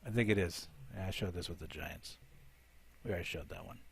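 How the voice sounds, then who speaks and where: A man's voice: deep voice, brisk, gravelly, slightly rough. A man hosting a live show, commentating game attack replays and thinking aloud as he looks for each one.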